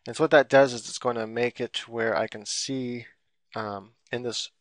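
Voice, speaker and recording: A man's voice: medium pitch, steady tone, normal speed, dry recording, studio quality. A man giving a casual, rambling drawing tutorial while he works on screen, full of fillers and loose explanations. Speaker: drawing instructor.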